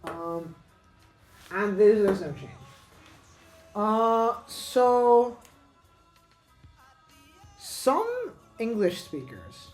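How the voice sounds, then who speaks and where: A woman teaching an unscripted grammar lesson, halting and correcting herself, with many fillers. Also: medium pitch, sing-song, a little mellow. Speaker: English teacher. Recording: echoey room with faint music.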